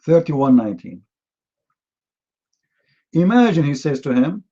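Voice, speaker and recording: A man's voice: fairly high pitch, very animated, measured pace, long pauses, mellow, breathy edge, muffled recording. A man hosting a heated live online debate. He talks in non-native English with fillers and repeats, and fires off mocking rhetorical questions. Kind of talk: heated live-stream commentary.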